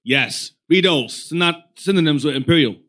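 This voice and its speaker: A man teaching a casual religious class, talking in an animated, rambling way and telling a reader what to look up. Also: on the high side, moderate pace.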